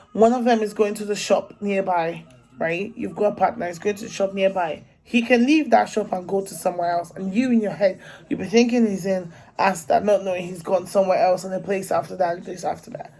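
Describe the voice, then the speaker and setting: In a rough recording, a young vlogger from Africa speaks fairly quickly in a mellow, mid-range voice with an African accent. She talks to her viewers in a lively, casual way and laughs a lot.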